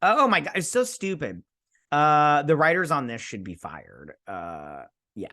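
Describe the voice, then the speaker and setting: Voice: medium pitch, sing-song, a little slow, bright, forceful tone. A host giving a casual, sarcastic recap and review of a TV episode, rambling with many fillers.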